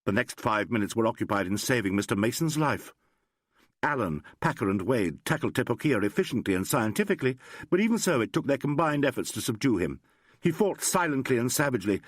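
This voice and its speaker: A man narrating an audiobook in a measured storytelling manner. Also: mid-range voice, very animated, dry recording, studio quality. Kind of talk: scripted narration.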